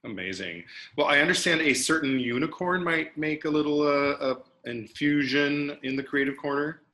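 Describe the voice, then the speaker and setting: A man's voice: fairly high pitch, moderate pace, pushed and bright, slight background noise. A man co-hosting an interview show, talking in an enthusiastic, encouraging way. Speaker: co-host. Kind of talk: casual interview chat.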